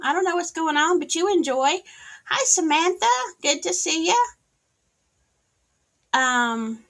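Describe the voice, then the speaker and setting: A woman's voice: sits high, measured pace, a bit bright. A woman with a Southern US accent hosting a casual livestream, chatting and greeting viewers by name with sassy asides. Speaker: livestream host. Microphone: streaming setup, wired in.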